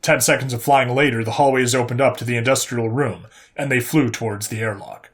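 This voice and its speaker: A man narrating a sci-fi story in a steady, plain storytelling voice. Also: mid-range voice, a little fast.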